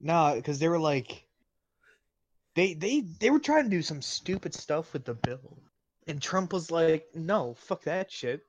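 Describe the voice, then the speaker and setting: A young man co-hosting a podcast, rambling and cursing as he jokes around. His voice is fairly high and swings up and down in pitch with lots of life. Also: a little slow. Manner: profane, rambling, animated. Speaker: podcast co-host. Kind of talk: casual joking chat.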